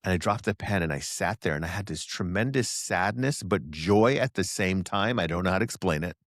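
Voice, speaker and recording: A man's voice: low-pitched, brisk, no echo, clean studio sound. A man, a guest psychic channeler, telling stories in a casual interview and acting out the voices he quotes. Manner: animated storyteller who acts out quoted voices.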